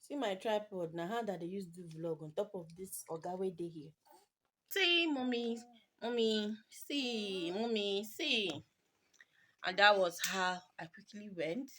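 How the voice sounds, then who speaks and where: A woman's voice: fairly low pitch, normal speed, few pauses. Nigerian woman vlogger telling an emotional story. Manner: emotional, rambling retelling, mixing English with Pidgin. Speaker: mommy vlogger. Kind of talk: personal storytelling to camera. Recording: noisy home video recording.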